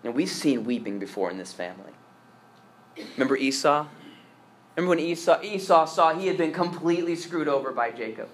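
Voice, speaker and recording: Earnest higher-voiced male preacher. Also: expressive, fairly quick, a little hiss or hum. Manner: earnest, emphatic, repeats words and stammers on restarts; dynamic, swings from loud stresses to hushed asides. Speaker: priest. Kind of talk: sermon.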